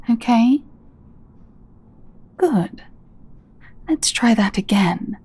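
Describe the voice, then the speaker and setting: A woman performing a scripted dominant audio role-play, speaking in a teasing, commanding way and often dropping into soft whispers. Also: mid-range voice. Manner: teasing, commanding, slow and deliberate; soft-spoken, drops into breathy whispers.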